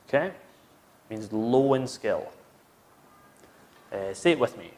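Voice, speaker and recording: A man's voice: lowish voice, lively intonation, measured pace, pauses often, darkish tone. A British man teaching English vocabulary, patiently modelling words for learners to repeat. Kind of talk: slow, clear classroom instruction.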